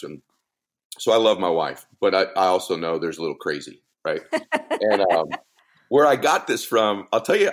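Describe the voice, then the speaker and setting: A middle-aged man telling a story in a podcast conversation, animated and laughing, with big swings in his voice. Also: low-pitched. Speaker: podcast guest, motivational speaker.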